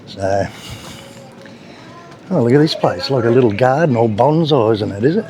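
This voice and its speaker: An Australian man with a medium-pitched, expressive voice talks at a moderate pace, casual and blunt, swearing now and then as he walks city back streets for his travel vlog. Loud traffic and motorbikes roar behind him.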